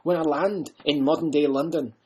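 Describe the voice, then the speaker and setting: A man's voice: on the high side, fairly even intonation, moderate pace, a little hiss or hum, lightly acted. A man doing an impression of a blunt, rambling Scottish time-travelling Doctor, with a Scottish accent. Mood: ranting. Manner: rambling, blunt, loud bursts.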